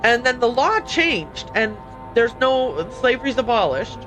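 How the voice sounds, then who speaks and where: A woman's voice: fairly high pitch, big pitch swings, a little slow, music in the background. A woman streaming a mystery game, chatting casually, laughing often and reacting aloud as she reads on-screen text. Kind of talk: casual let's-play commentary.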